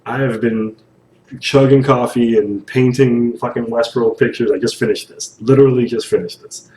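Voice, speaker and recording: A man's voice: mid-range voice, steady tone, moderate pace, a little mellow. A man chatting casually in a vlog about a TV show, loose, profane and rambling. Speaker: vlogger reacting to a TV show. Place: at home, late at night. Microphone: webcam microphone. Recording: echoey webcam mic from far off.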